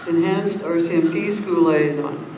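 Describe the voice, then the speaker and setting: A man's voice: on the high side, a little mellow, distant mic, a little hiss or hum. Earnest man speaking at a council meeting. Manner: earnest, halting restarts. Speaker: council member. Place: council chamber. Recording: roomy council chamber mic.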